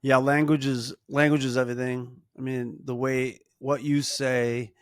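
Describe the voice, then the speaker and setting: A middle-aged man co-hosting a casual advice chat. He talks earnestly about parenting, often restarts his sentences and slows down to stress a point. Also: medium pitch, level tone, no room sound, clean studio sound. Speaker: podcast co-host, parent.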